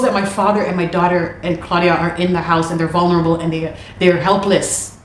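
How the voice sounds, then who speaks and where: A woman telling a personal story of a dispute in an animated, indignant way, often repeating words. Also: on the low side, fast talker, few pauses, echoey room. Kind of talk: casual spoken account.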